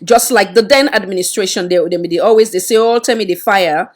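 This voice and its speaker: A woman with a Sierra Leonean accent, interviewing a guest with polite, measured pushback. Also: mid-range voice.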